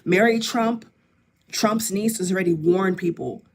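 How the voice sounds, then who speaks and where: Woman vlogger, fired-up commentary, repeats herself for emphasis, medium pitch. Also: unhurried. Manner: emphatic, repetitive, addresses viewers directly. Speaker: political vlogger. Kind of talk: impassioned commentary to camera.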